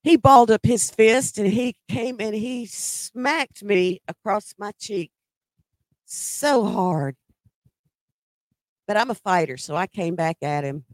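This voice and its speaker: A woman's voice: medium pitch, takes it slowly, no room sound. A middle-aged woman telling a personal story in a conversational way, with emphatic quoted dialogue.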